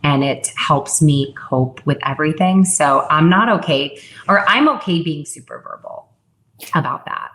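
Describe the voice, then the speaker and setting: A woman's voice: deep voice, expressive, a little slow, a bit bright. A woman in her thirties talking as a podcast guest in casual conversation, full of "like" fillers and self-restarts. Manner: chatty, many "like" fillers and restarts. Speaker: podcast guest, wellness founder. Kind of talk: casual interview chat.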